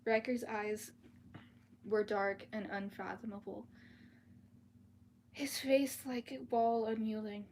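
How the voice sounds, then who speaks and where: A woman's voice: medium pitch, steady tone, takes it slowly, pauses often, darkish tone. Casual livestream storyteller, woman, mid-range voice, reads a fantasy novel, faint room noise behind her. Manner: casual, chatty, restarts words and apologizes. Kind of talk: live-streamed book reading with chat asides. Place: at home, dogs outside the door.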